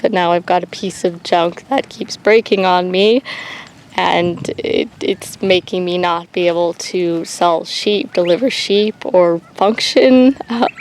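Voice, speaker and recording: A woman running an animal sanctuary, talking candidly in a halting way with many pauses and restarts. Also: fairly low pitch, a little mellow, a little hiss or hum. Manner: halting, many ums and restarts, nervous laughs. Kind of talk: candid personal vlog. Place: outdoors on a rural animal farm.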